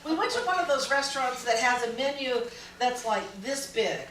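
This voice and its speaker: A middle-aged woman comedian telling stand-up stories in an animated way, breaking into loud yelling impressions. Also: high voice, normal speed, a little hiss or hum. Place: small live music venue. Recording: echoey room from far off, audience laughter.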